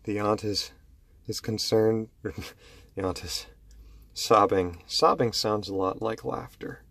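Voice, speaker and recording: A man telling a horror story slowly and dramatically, dropping low and hushed to build tension. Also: creaky, no echo.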